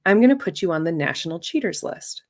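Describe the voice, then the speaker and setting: A stern, curt female English teacher scolding a student, as a woman storyteller quotes her, threatening and brisk. The voice stays close to an ordinary talking voice, only sharper in tone. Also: fairly low pitch, expressive.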